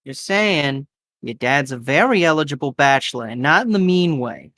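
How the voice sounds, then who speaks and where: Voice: medium pitch, expressive, normal speed, fairly bright tone, dry recording, close to an everyday voice. A game master voicing a chatty, gossipy diner waitress who calls customers babe and hun, in a live tabletop role-play. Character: chatty middle-aged woman diner waitress.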